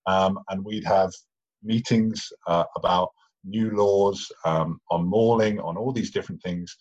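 Brief: young man, posh English accent, low husky voice, chatty guest telling a self-deprecating anecdote. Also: steady tone, measured pace, darkish tone, dull audio. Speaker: guest, retired rugby player. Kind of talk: casual storytelling chat.

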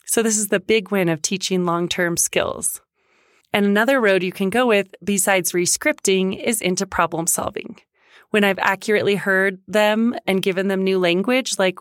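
A woman in her thirties talks to parents as a coach, in a chatty, animated way. Her voice sits at an ordinary middle pitch. The sound is dry and close, with no room around it. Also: moderate pace, no echo. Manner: chatty, animated, acts out kid and parent lines. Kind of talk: casual advice talk to parents.

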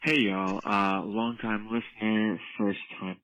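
A man's voice: lowish voice, level tone, slow pace, a bit bright, dry recording, poor audio. A man leaving an exasperated, profane voicemail rant as a caller.

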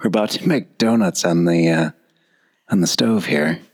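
Husky-voiced profane male podcast co-host. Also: low voice, moderate pace, darkish tone. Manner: profane, laughing, joking. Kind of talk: casual comedic banter.

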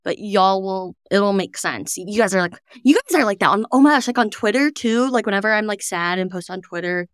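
A woman's voice: medium pitch, animated, no room sound. Chatty young woman, dry close mic. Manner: chatty, fast bursts, frequent "like". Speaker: podcast co-host. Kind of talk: casual chat.

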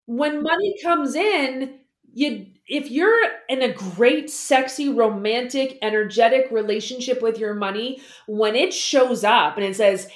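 Animated woman in an echoey room. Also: on the high side, a little slow. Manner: animated, acts out quoted voices. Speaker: guest, money mentor. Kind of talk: casual interview chat.

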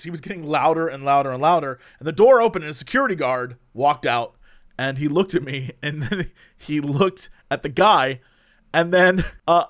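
A man telling a funny story in a casual chat, laughing often and acting out the people he quotes. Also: fairly high pitch. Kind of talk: casual anecdote.

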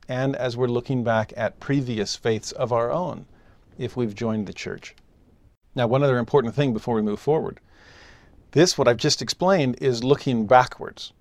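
A man giving a scripture lesson, emphatic, moving between soft asides and raised exclamations. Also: mid-range voice, no room sound. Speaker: scripture teacher.

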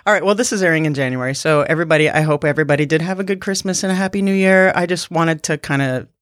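A woman in her fifties co-hosting a podcast in casual chat, bubbly and quick to laugh. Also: low-pitched, no room sound, clean studio sound. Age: 50s. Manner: bubbly, laughs often, animated. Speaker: podcast co-host.

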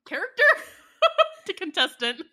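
A woman's voice: very high-pitched, wildly swooping pitch, bright, forceful tone. A woman co-hosting a podcast, casually teasing out hints in a guessing game. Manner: teasing, giving hints slowly. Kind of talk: casual chat.

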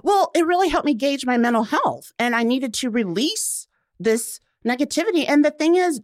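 A woman being interviewed, telling her story in an animated, laughing way and acting out what people said to her. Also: high-pitched, normal speed, no echo, clean studio sound. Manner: animated, laughs often, acts out quotes. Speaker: guest. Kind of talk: casual interview chat.

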